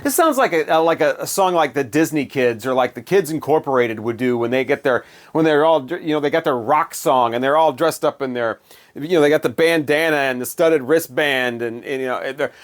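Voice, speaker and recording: A man's voice: a little high, fairly quick. Sarcastic man reviewing albums. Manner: sarcastic, dismissive, digressive. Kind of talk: casual spoken review monologue.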